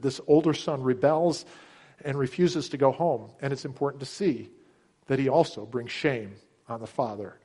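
A middle-aged pastor preaches with earnest emphasis, his voice a little mellow with a breathy edge. When quoting the characters, he acts out their words by lifting his pitch.

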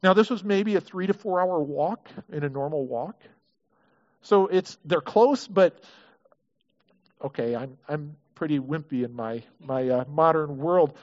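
A man's voice: fairly high pitch, unhurried, darkish tone, dull audio. Conversational man preaching a sermon. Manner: conversational, acts out quoted prayers, frequent restarts. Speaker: pastor.

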